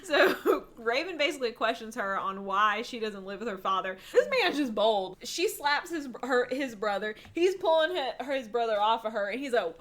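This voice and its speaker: Casting: young woman book-podcast co-host, animated pitch, higher voice, giggly and chatty. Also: normal speed, few pauses. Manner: laughs often, acts out characters in quotes. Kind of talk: casual book-club chat.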